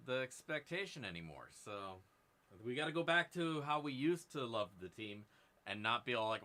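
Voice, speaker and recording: A man's voice: mid-range voice, animated, normal speed, bright, forceful tone. A man hosting a casual live stream, joking and rambling to his viewers while he works at a workbench. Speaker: live-stream host prospecting for gold. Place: indoor workbench.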